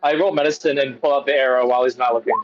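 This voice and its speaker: A young man playing in a tabletop game, quick and joking. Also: medium pitch, steady tone, dull audio, faint music behind. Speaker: player.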